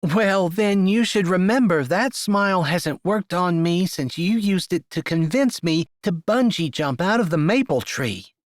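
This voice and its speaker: Man doing a young woman, audiobook character, worried and teasing, emphatic, lively pitch, dry close sound. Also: measured pace, hardly any pauses, dry recording.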